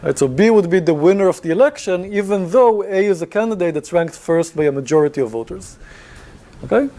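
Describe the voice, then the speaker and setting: Lecturer man with a mellow voice. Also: high-pitched, expressive, a little fast. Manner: conversational, many fillers, asks class questions. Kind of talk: university lecture.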